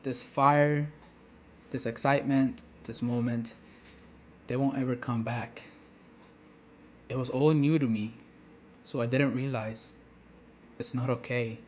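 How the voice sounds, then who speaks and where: A man voicing a listless, empty teenage boy striker full of regret, read aloud quietly and flatly from a manga. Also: mid-range voice, slow, pauses often, dull audio, a little hiss or hum, natural voice. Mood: regretful.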